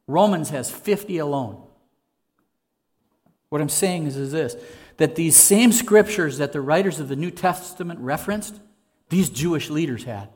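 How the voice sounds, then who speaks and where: A man's voice: on the high side, a little mellow. A man preaching a sermon in an earnest, conversational way, asking his listeners rhetorical questions. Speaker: pastor.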